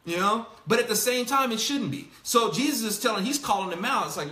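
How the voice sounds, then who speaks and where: A man hosting a casual Bible discussion with a bright, fairly high voice. He talks in an animated way, laughing often and acting out the lines he quotes. The room is echoey. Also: brisk, hardly any pauses. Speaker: host.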